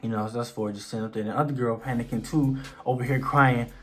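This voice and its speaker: A young man telling a personal story on his vlog in casual slang. He is animated and acts out the dialogue. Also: medium pitch, fast, a little hiss or hum. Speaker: vlogger.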